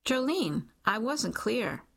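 A woman reading the lines of an earnest, gently teasing young man in an audiobook, keeping close to her own voice. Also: fairly high pitch, sing-song, slow pace, gravelly, husky, voice pushed up, full character voice. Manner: soft, warm, lightly teasing. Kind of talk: audiobook character voice.

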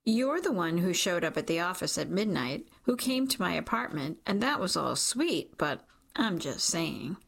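A woman reading the lines of an earnest, gently teasing young man in an audiobook, keeping close to her own voice. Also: lowish voice, very animated, moderate pace, gravelly, exaggerated voice. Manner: soft, warm, lightly teasing. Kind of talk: audiobook character voice.

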